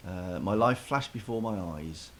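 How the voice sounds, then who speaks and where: A man's voice: low-pitched, lively intonation, a little slow. A man casually telling a self-deprecating story in a chat, with lots of restarts, over a faint hiss.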